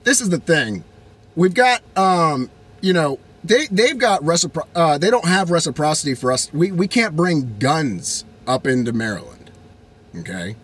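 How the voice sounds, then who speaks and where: A young man from Virginia ranting casually in an animated, rambling way, with many restarts. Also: fairly high pitch, moderate pace, slightly rough. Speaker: vlogger. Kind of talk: casual rant.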